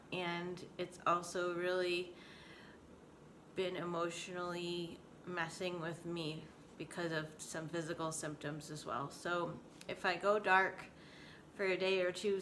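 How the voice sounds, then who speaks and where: This vlogger, a woman in her forties, talks candidly and emotionally to her home audience in a casual personal vlog, often near laughter. Her voice is lowish and a bit bright, with little pitch movement and an unhurried delivery, over slight background noise.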